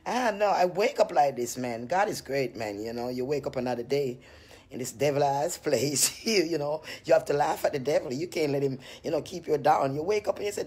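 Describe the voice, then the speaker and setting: Husky woman chatting on a phone live. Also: sits low, moderate pace. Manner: chatty, laughs often, animated storytelling. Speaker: cream seller on a live stream. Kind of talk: rambling casual live-stream chat. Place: at home, just out of bed. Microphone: phone on a live stream.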